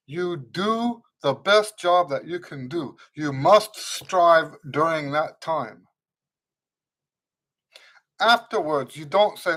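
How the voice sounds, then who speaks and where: A man with a higher-than-usual voice hosts a live trumpet Q&A stream. He talks in a loose, earnest way, circling back and repeating phrases to press a point. Between points he greets viewers by name and reads their comments aloud. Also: lively intonation, slow, pushed and bright. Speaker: trumpet teacher hosting a live Q&A. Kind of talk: unscripted live-stream teaching.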